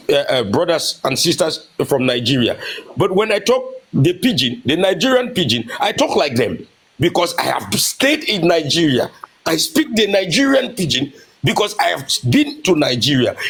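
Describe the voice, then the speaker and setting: Husky man with a lively, rising and falling delivery, lecturing hard and repeating himself. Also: fairly high pitch. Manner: emphatic, repeats his points. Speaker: caller in an online group talk. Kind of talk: impassioned lecture.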